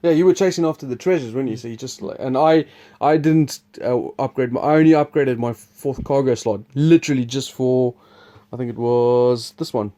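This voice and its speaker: A man's voice: medium pitch, fairly quick, mellow. A man hosting a board game preview, explaining the game in a rambling, chuckling, casual way. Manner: rambling, chuckling, restarts sentences.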